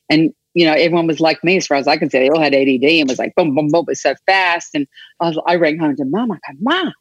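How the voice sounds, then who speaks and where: A middle-aged Australian woman, an enthusiastic, animated storyteller chatting as an interview guest. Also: on the low side, no echo, dull audio. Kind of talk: casual chat.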